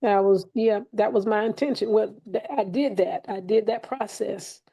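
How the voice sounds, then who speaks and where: A woman with a gravelly, mellow voice tells a class host about her problem over a video call. She talks haltingly and backs up to restart her sentences. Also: medium pitch, fairly even intonation, dull audio. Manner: hesitant, halting. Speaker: student asking a question.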